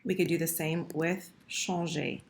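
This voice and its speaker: A woman's voice: low voice, flat delivery, unhurried, creaky, background noise. A woman teaching French verb conjugation in a screen-recorded lesson, patient and correcting herself as she types. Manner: patient, self-correcting, talks while typing.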